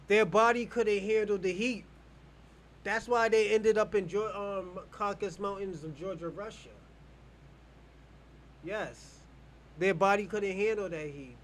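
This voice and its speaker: An American man hosting an online show, arguing bluntly and profanely in a heated live debate. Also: high voice. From United States.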